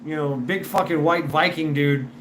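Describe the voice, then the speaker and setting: A man's voice: a little high, normal speed. Rambling man with stammered restarts. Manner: animated when imitating others. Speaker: show host. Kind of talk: casual rambling monologue. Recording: noisy background.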